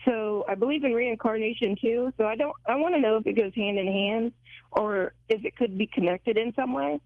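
A woman from Ohio calls in to a radio show over a dry, narrow phone line. Her voice sits a bit high, and she asks her question hesitantly. The sound is close, with no room around it. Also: moderate pace, no room sound. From Ohio, USA. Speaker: caller.

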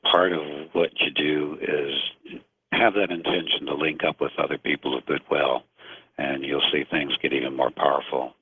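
A man in his fifties, a guest on a call-in radio show, talking slowly and earnestly with many pauses. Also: a bass voice, little pitch movement, slight background noise. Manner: slow, earnest, many hesitations. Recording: narrow phone-like line.

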